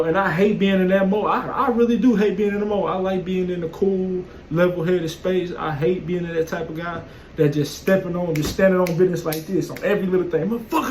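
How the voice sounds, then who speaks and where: Blunt, profane man with a high voice. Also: slight background noise, low-quality recording. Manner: blunt, profane, streetwise storytelling. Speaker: vlogger. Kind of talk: casual monologue.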